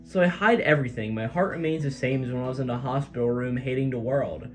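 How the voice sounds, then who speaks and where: A man voicing a heartbroken teenage idol girl in a soft, subdued tone. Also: mid-range voice, quick pace, faint music behind, lightly acted. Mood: tearful. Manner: soft, subdued reading of quoted lines.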